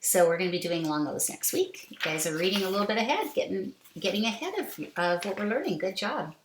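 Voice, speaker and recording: A woman teaching a kindergarten reading lesson, reading a simple book aloud slowly and deliberately for young children to follow. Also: medium pitch, animated, echoey room, noisy background.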